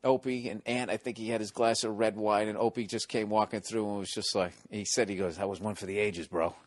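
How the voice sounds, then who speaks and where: A man's voice: fairly low pitch, fairly even intonation, a little fast. A middle-aged man hosting a podcast, telling profane stories and acting out the people in them. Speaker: podcast host. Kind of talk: casual chat, storytelling.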